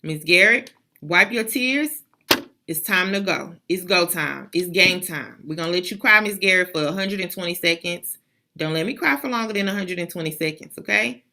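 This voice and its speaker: A woman's voice: fairly low pitch, normal speed, pushed and bright. A woman school principal giving a motivational address to students and staff over a video call, emphatic and repetitive like a preacher.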